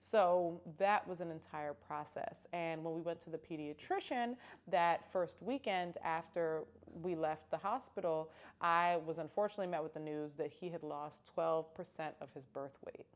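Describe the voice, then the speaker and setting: A woman's voice: deep voice, normal speed, few pauses. A young woman telling a personal story in a casual, candid vlog, with emphatic exclamations. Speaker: vlogger.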